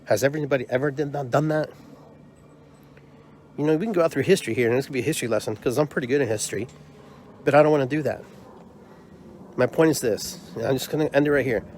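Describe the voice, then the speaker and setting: A man's voice: mid-range voice, quick pace, long pauses, darkish tone, a little hiss or hum. A man hosting his own podcast, delivering a heated, frustrated monologue full of repeated rhetorical questions. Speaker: podcast host and drum circle leader.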